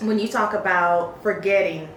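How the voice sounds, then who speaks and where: A woman's voice: fairly low pitch, fairly even intonation, normal speed, recorded from a distance, slight background noise. A woman co-hosting a podcast in casual chat, teasing her sister and chiming in to finish her sentences. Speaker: podcast co-host. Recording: echoey room.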